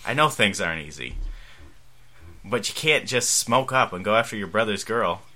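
A man's voice: fairly low pitch, expressive, moderate pace, bright, forceful tone, voice pushed down. A man reading fan fiction aloud and voicing a wry, easygoing father. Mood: quipping. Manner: wry, quipping. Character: easygoing joking adult dad Sandy.

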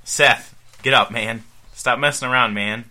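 A man's voice: on the low side, moderate pace, sharp tone, voice pushed down. A man reading fan fiction aloud and voicing a flustered teenage boy. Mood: panicked. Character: teen boy Ryan, panicky and earnest.

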